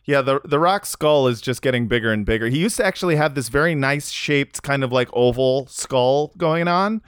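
A man's voice: mid-range voice, normal speed, a bit bright, clean tone, no room sound, studio quality. A young man co-hosting a comedic podcast, crude, rambling and jokey. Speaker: podcast co-host. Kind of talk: casual comedic chat.

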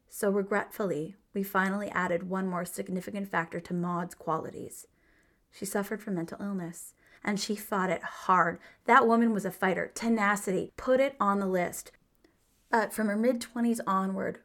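A woman co-hosts a podcast and reads her script with emphasis and playfulness. Her voice sits at a middling pitch with a gravelly edge. Her delivery leans hard on key words. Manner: emphatic and playful, with big swings of feeling. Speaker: podcast co-host.

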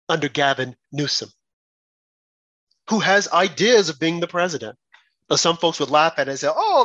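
An indignant man delivers political commentary, and his husky voice swings widely in pitch. He mocks his opponents in rhetorical put-on quotes. The sound is dry and close. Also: fairly bright tone, no room sound, lo-fi sound.

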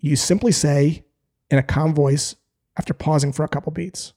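A man teaching sales in a calm, direct way, acting out short sample calls. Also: fairly high pitch, normal speed. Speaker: sales trainer. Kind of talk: instructional talk to camera.

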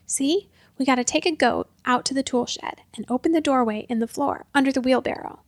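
A woman's voice: high voice, fairly quick, no room sound, lightly acted. A woman doing a hissing little goblin schemer. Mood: scheming. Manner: conspiratorial, hissing.

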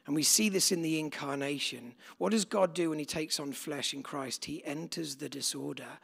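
A pastor preaching a sermon to a church crowd, chatty and direct as he asks them questions. His voice is gravelly with plenty of fry, and it sits a bit above the usual male pitch. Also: normal speed, fairly bright tone. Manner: conversational, asks the congregation questions. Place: church gathering with live congregation.

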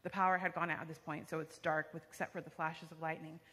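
A woman's voice: low voice, little pitch movement, fast, bright, forceful tone. A young woman telling her personal testimony to a church congregation, a vivid storyteller with frequent fillers. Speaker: church member giving testimony. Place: church sanctuary. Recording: long reverb of a large hall.

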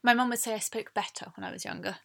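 A woman's voice: mid-range voice, fast, vocal fry, fairly bright tone. A woman in her twenties with a southern English accent, co-hosting a casual chat podcast and laughing often. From southern England. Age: 20s. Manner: chatty, laughs often, quotes people in put-on voices. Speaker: podcast co-host.

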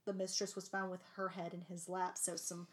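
A young woman co-hosting a casual movie recap podcast, animated and laughing, mimicking lines in exaggerated voices. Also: fairly low pitch, fairly quick. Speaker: podcast co-host.

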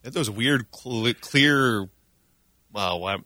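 A man's voice: mid-range voice, slow, sharp tone, no echo. A man co-hosting a radio talk show, chiming in with dry, wry remarks. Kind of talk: casual radio banter. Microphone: studio microphone.

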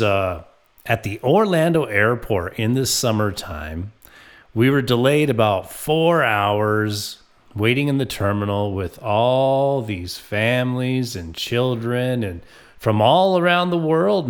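A man hosting his own comedy show, telling rambling, profane stories about his past. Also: lowish voice. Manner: profane, rambling storytelling with acted quotes. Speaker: comedic podcast host. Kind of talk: crude comic monologue.

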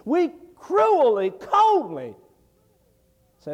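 A middle-aged evangelist preaches with a high voice that swoops widely between hushed lows and ringing peaks. His delivery is folksy and story-driven, and it climbs into fervent proclamation. The sound carries the long reverb of a church hall. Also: very animated, measured pace. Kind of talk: preaching a sermon. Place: church sanctuary.

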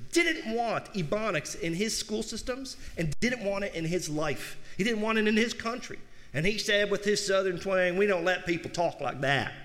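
A man delivering a sermon, asking the congregation rhetorical questions and swinging between soft low asides and raised emphatic peaks. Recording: long hall reverb.

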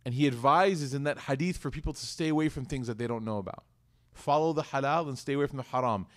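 A man giving an animated, conversational sermon, often putting questions to his audience. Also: mid-range voice, quick pace. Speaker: Islamic teacher.

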